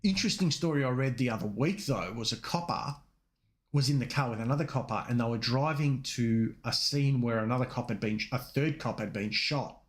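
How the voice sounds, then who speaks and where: A man's voice: medium pitch, a little fast. An Australian man co-hosting a casual podcast, telling rambling anecdotes and acting out quoted voices. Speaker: podcast co-host. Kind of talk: casual chat, storytelling.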